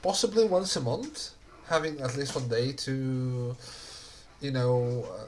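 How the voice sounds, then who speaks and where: A slow-paced host closes out a casual streamed chat, leaning on fillers as they go. The mic is noisy, with audible clicks. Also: medium pitch. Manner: relaxed, hesitant with many fillers.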